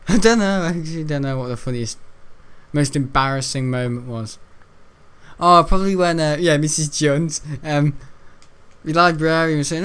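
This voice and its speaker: Young british man, slightly high voice, rambling, giggly, gameplay commentary. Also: normal speed, fairly bright tone, smooth. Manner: rambling, giggly, self-interrupting storyteller. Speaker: gaming video host.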